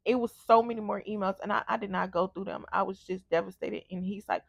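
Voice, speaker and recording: Gravelly-voiced woman telling a story. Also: mid-range voice, flat delivery, fast talker, hardly any pauses, no room sound, studio quality. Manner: candid, blunt storytelling with frequent swearing. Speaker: vlogger. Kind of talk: casual storytime.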